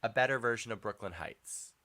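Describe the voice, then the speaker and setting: A man's voice: medium pitch, fairly quick, sharp tone. A man from Canada co-hosting a drag podcast, teasing and playful in casual chat over a video call.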